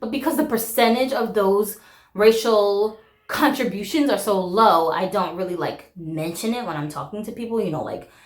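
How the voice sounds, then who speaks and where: A woman in her forties from America, vlogging in a frank, animated way, swearing freely and laughing often. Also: mid-range voice, normal speed, reverberant. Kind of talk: casual talk to camera.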